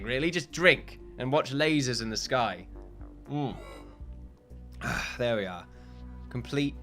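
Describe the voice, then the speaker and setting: A man talks over his game footage in a rambling, joking way, laughing at himself as he goes. His voice sits in an ordinary middle pitch, and quiet music plays underneath. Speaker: gaming video host. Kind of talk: let's play commentary.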